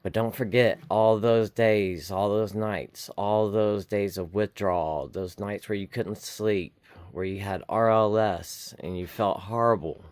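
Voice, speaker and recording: A man's voice: on the low side, fairly even intonation, darkish tone, no room sound. A man giving an earnest, repetitive recovery pep talk outdoors, shivering in the cold. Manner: earnest, slow, repetitive encouragement. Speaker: recovery vlogger. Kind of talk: heartfelt motivational talk to camera.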